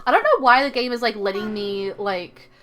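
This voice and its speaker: A woman's voice: medium pitch, big pitch swings, moderate pace, fairly bright tone, a little hiss or hum. A young woman streaming a game, chatting casually in a rambling way with lots of fillers. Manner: rambling, many fillers and restarts. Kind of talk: casual live-stream chat.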